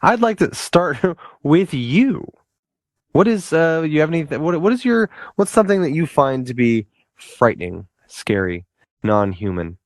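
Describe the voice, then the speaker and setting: A man's voice: fairly high pitch, very animated, unhurried, no echo. A man in his thirties hosting a podcast with casual, playful, chatty talk. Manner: chatty and playful, with laughs and restarts. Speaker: podcast host.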